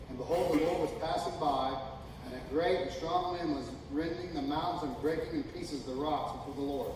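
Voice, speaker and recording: A man preaching a sermon as pastor, folksy and emphatic, building from calm talk to loud, drawn-out shouting. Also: on the high side. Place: church sanctuary. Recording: echoey hall, distant mic, noisy.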